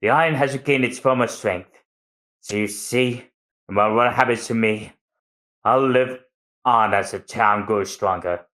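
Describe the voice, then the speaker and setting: A man reading as a calm, resigned old fishman. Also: measured pace. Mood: resigned, tender. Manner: soft, low and gentle delivery. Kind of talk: dramatic manga read-aloud.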